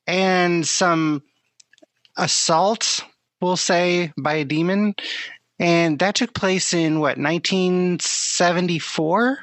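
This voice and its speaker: Easygoing podcast co-host, mid-pitched. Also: a bit bright, dry recording, low-quality recording. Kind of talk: casual podcast chat.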